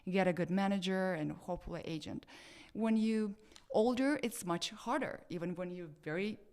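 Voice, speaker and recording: A woman with a Russian accent talks casually in an interview. Her voice sits slightly low, and her speech is full of fillers, restarts and lively bursts. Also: moderate pace. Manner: hesitant, many fillers and restarts, animated. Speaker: actress, interview guest.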